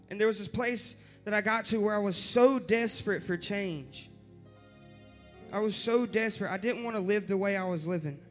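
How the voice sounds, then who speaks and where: A young man preaching his personal testimony in an earnest manner that builds to impassioned shouting. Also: high voice. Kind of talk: testimony sermon. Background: faint instrumental music.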